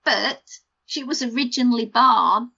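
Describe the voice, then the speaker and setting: A woman's voice: a little high, a little slow, gravelly, sharp tone, slightly rough, lo-fi sound. A middle-aged woman co-hosting a podcast, chatting casually and savouring vivid details as she lists them. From United Kingdom. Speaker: podcast co-host. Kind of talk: casual chat.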